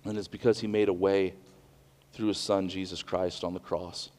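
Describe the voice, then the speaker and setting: A middle-aged man giving a sermon in an earnest, conversational way, often pausing to restart a sentence or to add an aside. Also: sits low, little pitch movement, darkish tone, in a large hall. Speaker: pastor.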